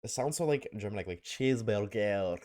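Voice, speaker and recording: Playful male streamer, very animated pitch. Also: brisk. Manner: playful, joking, laughs often. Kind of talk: casual live-stream chat.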